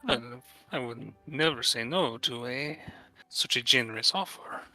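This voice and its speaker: Guy doing a polite gallant gentleman, formal manners, very bright sharp voice. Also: mid-range voice, unhurried, faint music behind, rough recording. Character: courteous male traveling gentleman.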